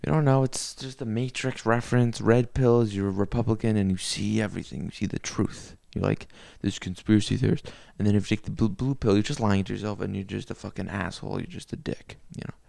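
A man's voice: on the low side, fairly even intonation, fast, gravelly, few pauses, darkish tone, no room sound. A man ranting alone on a podcast, crude and rambling, swearing heavily. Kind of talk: profane solo rant. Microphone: laptop mic.

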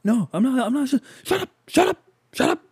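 A man's voice: very high voice, very animated, brisk, gravelly, darkish tone, slightly rough, no echo, voice pushed up, heavily acted. A man voicing his younger self as a boy, whining defensively and close to tears.

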